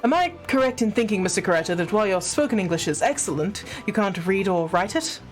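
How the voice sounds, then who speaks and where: A woman voicing a polite, formal male detective who speaks in a measured, courteous way. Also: mid-range voice, animated, soft background music, close to an everyday voice.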